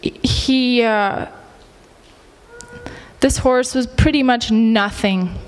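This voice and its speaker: A woman sharing an emotional personal testimony in church, halting and near tears, with many pauses. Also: a little high, big-room sound, poor audio.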